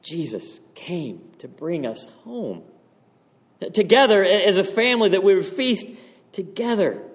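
A man's voice: high-pitched, sing-song, a little slow. A man preaching a sermon, telling a story with passion and building to fervent exhortation. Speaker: pastor. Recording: long hall reverb.

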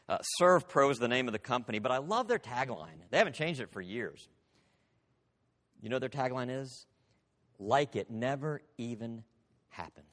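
A man preaching a sermon as pastor, emphatic, dropping his voice low for key lines. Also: fairly bright tone. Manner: emphatic preaching with dramatic drops in voice. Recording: long hall reverb.

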